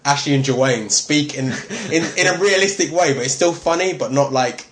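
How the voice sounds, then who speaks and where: A man with a British accent co-hosting a casual film podcast, excitable and rambling, restarting his sentences often. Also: a little high, moderate pace, roomy sound. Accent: British English. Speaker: podcast co-host.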